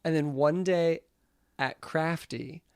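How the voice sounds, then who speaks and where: A woman's voice: low voice, slow pace, darkish tone, no room sound. Woman podcast co-host, chatty and profane, in a dry close sound. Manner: chatty storyteller, swears freely. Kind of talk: casual chat.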